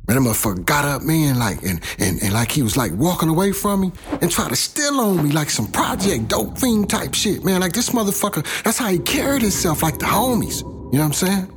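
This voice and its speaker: A man's voice: a little high, big pitch swings, brisk, few pauses, faint music behind. A middle-aged man from South Los Angeles telling his own life story in a blunt, profane, casual way.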